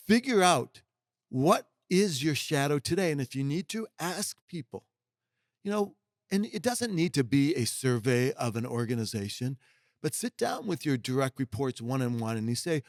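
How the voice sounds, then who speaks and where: A man's voice: mid-range voice, expressive, normal speed, dry recording. Emphatic middle-aged man, dry close sound. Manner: emphatic, folksy, acts out quoted voices. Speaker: guest executive mentor. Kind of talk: podcast conversation.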